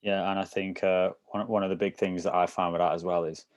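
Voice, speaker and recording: A man's voice: low-pitched, little pitch movement, a little fast, dry recording, highs cut off. A man co-hosting a wellness coaching discussion, explaining things loosely with many "so" and "kind of" fillers. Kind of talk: casual group discussion.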